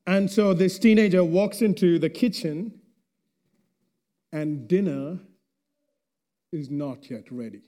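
A male preacher with a fairly high voice delivers a sermon in a slow, unhurried cadence. He speaks deliberately and lets each phrase sink to a hush at its close.

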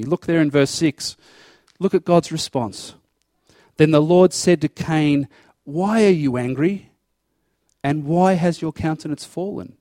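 Guy preaching a sermon, earnest, kinda high voice, dry close sound. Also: darkish tone, no room sound. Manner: earnest expository preaching, acting out God's voice in quotes.

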